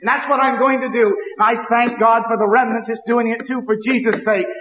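Fiery preacher in an echoing hall. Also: male voice, high-pitched, a little hiss or hum. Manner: fiery, emphatic, repetitive preaching. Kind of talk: sermon. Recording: echoey, dull, lo-fi hall recording.

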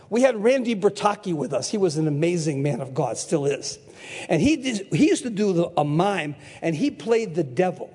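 A man in his sixties preaching a sermon, telling stories in an animated way and shouting for emphasis, with a husky voice. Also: high-pitched, normal speed. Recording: echoey hall.

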